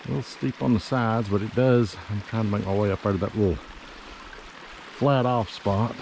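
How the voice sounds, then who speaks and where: A man with a fairly low, gravelly voice talks at a normal speed in a steady tone, with background noise behind him. He's a realtor casually touring a piece of land outdoors by a river and hillside, out of breath and rambling with lots of fillers.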